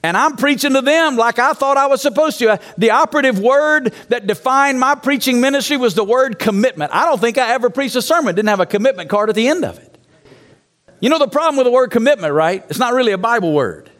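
A man's voice: very high voice, lively intonation, quick pace, fairly bright tone. A man, a pastor, preaching an emphatic sermon to a congregation in a church, prompting them to call out answers and telling his own story candidly.

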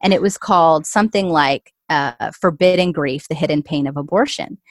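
Speaking low at a moderate pace on a dry recording, a guest author in her forties shares a heartfelt faith story from her own life in an interview. She's sincere and emotional, with plenty of "like" in her speech.

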